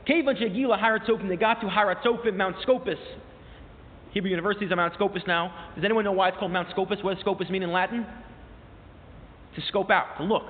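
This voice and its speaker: A man teaching a class, retelling a story with animated rising emphasis and quoting old sources as he goes. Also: high voice, slight background noise. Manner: mixes in quoted source phrases and restarts. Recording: tinny phone-like sound with long hall reverb.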